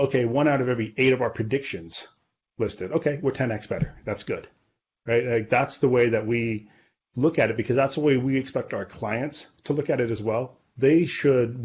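A man's voice: mid-range voice, a little mellow, dull audio. A man on a podcast confidently explaining his business figures, often checking in with "right?" and "okay". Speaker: guest, real estate data company leader.

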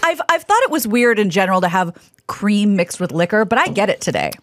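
A woman's voice: medium pitch, sing-song, a little fast, no echo, clean studio sound. A woman co-hosting a podcast, chatting casually and reacting in a bubbly way. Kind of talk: casual chat.

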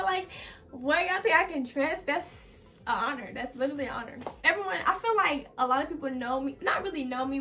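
Her voice sits high with a bright, forceful tone as this young fashion vlogger chats her way, a bit breathless, through a DIY clothing tutorial. She leans heavily on "like" and "y'all," and she's recorded from a distance off the mic with faint music in the background.

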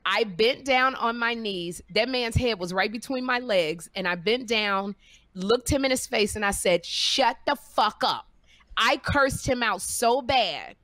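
Woman, podcast host, bright tone, dry close sound, animated storytelling. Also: on the high side, a little slow, no echo. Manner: animated storyteller, acts out quotes. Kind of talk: casual chat, storytelling.

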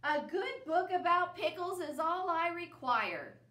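A woman voicing a grumpy, pompous male bear who talks loudly and haughtily. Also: sits high, expressive, a little slow, reverberant, pitched above the performer's own voice. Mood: indignant. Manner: loud, blustering, haughty.

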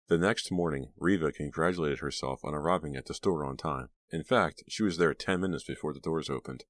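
Very deep-voiced male audiobook narrator. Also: brisk, no room sound. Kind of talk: scripted narration.

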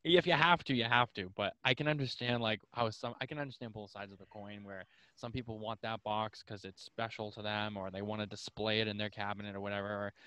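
A man hosting a podcast in casual chat, animated and rambling with many restarts. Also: on the low side, fairly quick, clean tone, no echo. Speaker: podcast host.

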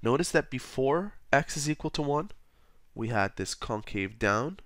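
A man at a middle pitch talks through a math lesson one step at a time, steady and methodical like a tutor. His voice sounds close and dry, with no room around it. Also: unhurried, no room sound. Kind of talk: scripted math lesson voice-over.

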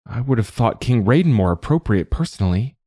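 A man's voice: medium pitch, expressive, fairly quick, warm tone, dry recording, studio quality, pitched above the performer's own voice, lightly acted. A man voicing a proud young novice monk, trying to sound light. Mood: strained. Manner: tries to sound light, strained under scorn.

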